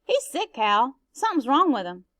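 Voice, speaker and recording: A woman's voice: high voice, sing-song, moderate pace, a bit bright, no echo, clean studio sound. A woman reading a novel aloud, voicing an earnest, anxious young boy with an eager, pleading tone.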